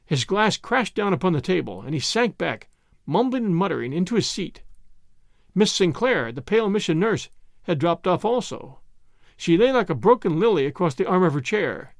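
A man's voice: high voice, very animated, normal speed, gravelly, no echo, studio quality. A man reading a story aloud, giving each character a voice of his own. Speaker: audiobook narrator. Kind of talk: scripted narration.

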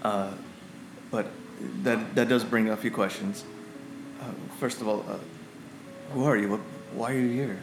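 Guy doing a soft polite giant queen, hesitant, kinda low voice, echoey room w/ music. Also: fairly even intonation, a little slow, pauses often, lightly acted. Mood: calm. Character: young gentle female cloud giant queen.

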